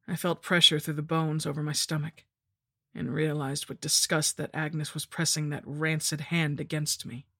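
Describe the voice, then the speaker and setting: A woman narrating a horror story in the first person, with a measured, grim delivery. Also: sits low, flat delivery, creaky, bright, forceful tone, slightly rough, no room sound, clean studio sound. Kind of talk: scripted narration.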